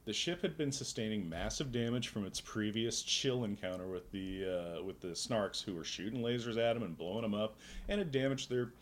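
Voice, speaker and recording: A man's voice: fairly low pitch, normal speed, few pauses. A man co-hosting a casual comic book podcast, explaining plot holes with long, playful pseudo-scientific theories. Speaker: podcast co-host. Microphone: podcast microphone.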